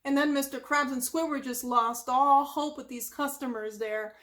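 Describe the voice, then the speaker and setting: High-voiced woman host, casual, rambling retelling full of fillers. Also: fairly even intonation, normal speed, a bit bright. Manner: rambling, with lots of filler words and sound effects. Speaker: ASMR channel host. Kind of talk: casual retelling of a cartoon from memory.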